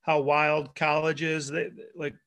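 Co-host, male, easygoing, bright and forceful tone, slightly high. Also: level tone, a little slow, clean tone. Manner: laid-back, chimes in with short remarks. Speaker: podcast co-host. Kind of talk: casual chat.

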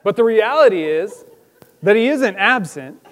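A male pastor delivering a lively, conversational sermon in church, acting out the people he quotes with sudden loud outbursts. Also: high-pitched, unhurried, big-room sound.

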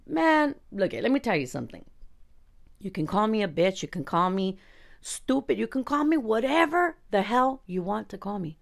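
A woman's voice: medium pitch, sing-song, moderate pace, vocal fry. A woman in her forties from East Los Angeles, telling a personal story as a podcast host in a blunt, profane, casual way. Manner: blunt and profane, talks straight to listeners.

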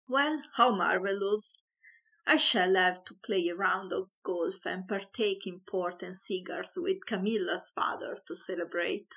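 A woman voicing a pompous, hot-tempered squire father in a read-aloud story, given to theatrical booming outbursts. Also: measured pace, vocal fry, sharp tone, husky, heavily acted.

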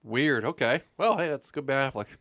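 A man's voice: medium pitch, a little fast, a bit bright, no room sound, studio quality. A man hosting a podcast, chatting casually and joking as he wraps up the show. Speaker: podcast host.

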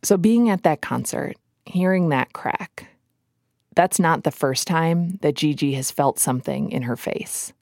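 A woman's voice: deep voice, a little slow, a little mellow, no echo, clean studio sound. A woman with a Minnesota accent, hosting a podcast and narrating a scripted story in a wry, playful way. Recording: music bed under the voice.

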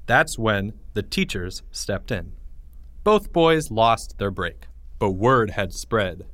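A man's voice: mid-range voice, no room sound. A man reading his own children's story aloud and voicing each character in turn. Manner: expressive, plays each character. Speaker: author and audiobook reader. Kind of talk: scripted storybook narration.

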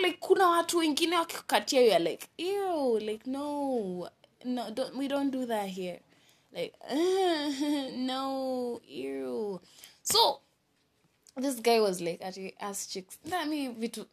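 A young woman with a Kenyan accent telling a story in a casual vlog, animated and mixing English with Swahili slang. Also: high voice, husky. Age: young adult. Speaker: vlogger. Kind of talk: storytime chat.

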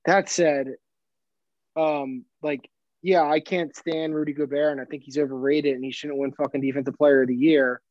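This podcast co-host's fairly high male voice is level, a little mellow and at normal speed, and the dull, dry recording has no echo. On the casual sports show, he rambles, trips over his words, starts sentences over and swears freely.

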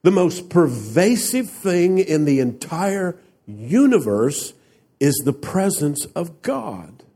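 A man's voice: a little high, big pitch swings, takes it slowly, dark tone, husky. A man preaching a sermon, speaking emphatically and asking the congregation rhetorical questions. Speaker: pastor.

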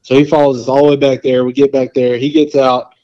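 A man in the middle of a long, rambling story, full of "like" and quoted back-and-forth. His voice sits at an ordinary middle pitch. The recording sounds a little dull and lo-fi. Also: level tone, quick pace, warm tone. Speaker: podcast guest. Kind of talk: casual storytelling.

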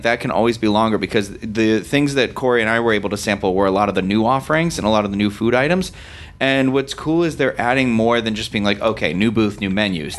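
A man's voice: medium pitch, a bit bright. A man co-hosting a casual podcast discussion, chatty and upbeat. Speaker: podcast co-host.

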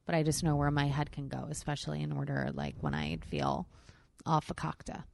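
A woman's voice: low-pitched, sing-song, brisk, creaky, darkish tone, a little hiss or hum. Profane, candid woman podcast host. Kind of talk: casual chat. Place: hot room.

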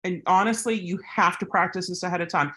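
A woman's voice: on the low side, steady tone, fairly quick, bright, forceful tone. A woman who handles service dogs, answering a viewer's question in a casual, rambling way with plenty of tangents. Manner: rambling, goes off on tangents, chatty. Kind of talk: casual advice vlog.

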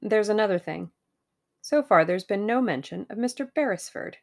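A woman playing a sharp wary young heroine. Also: mid-range voice, lively intonation, moderate pace, gravelly, pitched above the performer's own voice. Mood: wary, firm. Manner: wary and direct.

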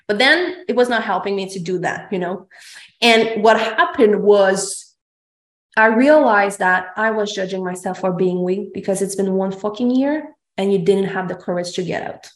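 A woman's voice: mid-range voice, normal speed. A woman hosting a podcast, telling her story in a candid, emphatic way, swearing freely and acting out the things she said. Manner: emphatic, swears freely, acts out her own past lines. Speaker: podcast host. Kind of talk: candid confessional chat. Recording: roomy echo.

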